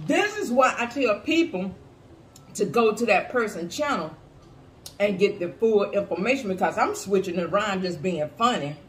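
A woman's voice: mid-range voice, animated, normal speed, distant mic. A woman giving blunt, sassy, profane commentary in a casual reaction video. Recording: echoey room with faint hiss.

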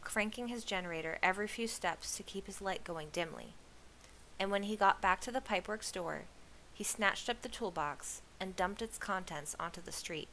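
A woman reading a novel aloud with steady, expressive storytelling. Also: mid-range voice, slight background noise, low-quality recording. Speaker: reader.

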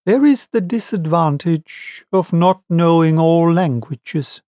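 A man doing a calm, philosophical servant. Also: fairly high pitch, no echo. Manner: calm, measured. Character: calm, philosophical male manservant.

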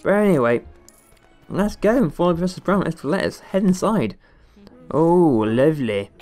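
A man's voice: fairly high pitch, lively intonation, moderate pace, darkish tone. A man giving casual, jokey commentary over a video game, rambling and talking back to the characters on screen. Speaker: gaming channel host. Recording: faint game music behind the voice. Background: faint game music.

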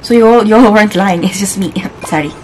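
A woman's voice: mid-range voice, fast talker, a little mellow, slight background noise, poor audio. A young woman playing a horror game, talking casually through it and shrieking when startled. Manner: jumpy, shrieks and exclaims when scared. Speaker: gaming YouTuber. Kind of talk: horror game let's play commentary.

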